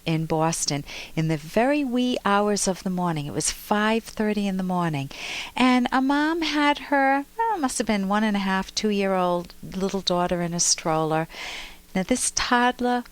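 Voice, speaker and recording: Lively woman psychologist telling stories. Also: mid-range voice, moderate pace, clear, resonant tone. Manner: warm, lively storytelling with vivid detail. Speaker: psychologist and podcast host. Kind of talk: relationship advice talk and storytelling.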